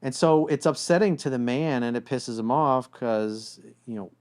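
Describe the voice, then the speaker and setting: A man talks through relationship advice with a co-host, blunt and casual, and he swears freely. He keeps slipping into quick imitations of a couple arguing. His voice sits at an ordinary middle pitch. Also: smooth. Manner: blunt, animated, acts out quoted voices. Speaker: relationship coach.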